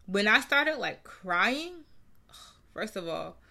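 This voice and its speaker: A woman's voice: medium pitch, very animated, slow pace, gravelly, bright, forceful tone. A woman in her thirties from New Jersey, talking candidly about her feelings and repeating phrases for emphasis. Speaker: mother sharing her story. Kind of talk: personal reflective talk.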